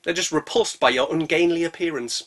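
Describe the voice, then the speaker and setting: A man's voice: a little high, a little fast, background noise. A man narrating a comedic movie recap in a sarcastic, jokey, slangy way. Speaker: movie reviewer.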